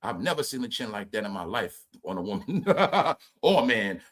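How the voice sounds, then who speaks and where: A man hosting a profane gossip commentary stream, loud and mocking, repeating phrases and laughing at his own jokes. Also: fairly low pitch, sing-song, moderate pace. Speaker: commentary channel host.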